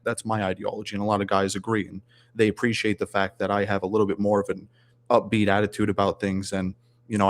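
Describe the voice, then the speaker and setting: A man chatting casually as a guest on a livestream, rambling with many restarts. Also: fairly low pitch. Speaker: guest streamer.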